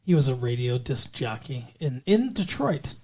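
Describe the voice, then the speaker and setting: A man's voice: medium pitch, big pitch swings, normal speed, darkish tone, slightly rough. Joking man in a casual podcast chat. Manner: joking, teasing, does silly voices. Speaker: podcast co-host.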